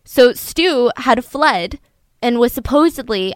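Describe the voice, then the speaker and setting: Animated woman telling a true crime story. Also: moderate pace, dry recording. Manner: animated, acts out quotes with raised pitch and volume. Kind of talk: casual true crime retelling.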